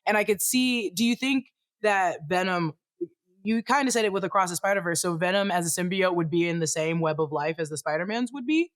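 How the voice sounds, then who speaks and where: An excitable co-host in casual chat who laughs easily and keeps apologizing mid-sentence. The voice sits at a middle pitch. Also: a little fast. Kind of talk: casual pop-culture discussion.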